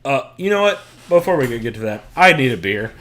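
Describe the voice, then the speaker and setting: Dude rambling on his podcast from his room, laughs a lot, swears, mid-pitched voice. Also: sing-song, brisk, fairly bright tone, a little hiss or hum. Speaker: podcast host. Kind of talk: casual podcast chat. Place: his own room at home.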